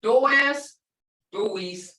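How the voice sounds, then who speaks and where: A woman's voice: fairly high pitch, extremely slow, pushed and bright. A woman teaching a language class in a casual, chatty way, explaining through stories and repeating words for her learners. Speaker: language instructor. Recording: echoey room, voice far from the mic.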